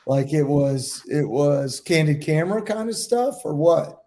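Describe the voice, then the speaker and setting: A man with a slightly high, mellow voice, talking in a casual podcast round table. He speaks emphatically and at length, and swears freely as he makes his points. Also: lively intonation, unhurried. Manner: emphatic, profane, talks at length. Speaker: podcast co-host, goalkeeper.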